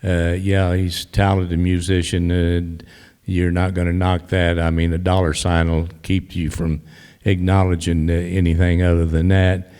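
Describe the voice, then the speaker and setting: A man's voice: low voice, completely flat delivery, moderate pace, a little mellow, clean tone. An older man, an audience member giving rambling, folksy remarks with many restarts. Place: library event hall. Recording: long hall reverb.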